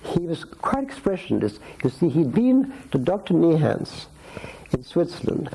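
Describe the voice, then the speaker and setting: A man's voice: fairly high pitch, very animated, unhurried, creaky, dark tone, husky, low-quality recording. A man in his eighties telling long rambling stories about his past in a filmed interview at his home. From Scotland. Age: 80s. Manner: rambling, anecdotal, with restarts and asides. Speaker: interviewee, society photographer.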